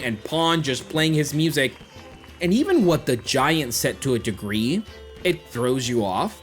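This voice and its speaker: Guy running a tabletop game, bit higher voice, rambly scene-setting, music underneath. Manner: descriptive, filler-heavy narration. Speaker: game master.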